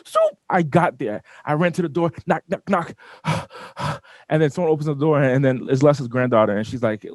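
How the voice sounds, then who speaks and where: A man telling a personal story as an interview guest, animated and often repeating and restarting his words. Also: mid-range voice, brisk, no echo. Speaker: business owner guest. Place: studio.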